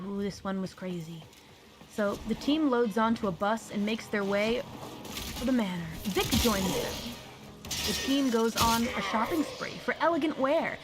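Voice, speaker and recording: Playful woman streamer, giggly. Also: fairly high pitch. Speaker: streamer recapping a tabletop campaign. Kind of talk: casual recap with acted quotes. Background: music.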